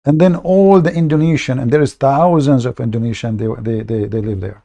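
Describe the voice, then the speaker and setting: Guy hosting a debate livestream, gravelly and kinda dark voice, sarcastic, lots of uhs. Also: mid-range voice. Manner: mocking, sarcastic; halting, many fillers. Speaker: online debate host. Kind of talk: livestream commentary.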